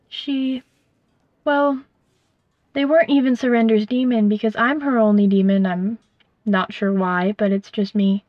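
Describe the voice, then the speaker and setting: A woman's voice: mid-range voice, fairly even intonation, moderate pace, no room sound, dull audio. Wry, rambling woman storyteller. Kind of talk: first-person fiction narration.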